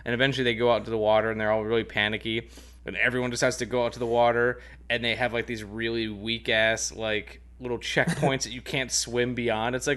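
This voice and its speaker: A man's voice: medium pitch, level tone, brisk, fairly bright tone, clear, resonant tone. A man co-hosting a podcast in casual chat, rambling and full of "like". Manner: rambling, lots of filler like. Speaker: podcast co-host.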